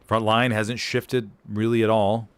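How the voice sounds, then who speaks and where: A man's voice: fairly low pitch, unhurried, smooth, dry recording. Man casting a war game, jokey. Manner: energetic, jokey, rambling asides. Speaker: esports caster. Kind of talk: play-by-play game commentary.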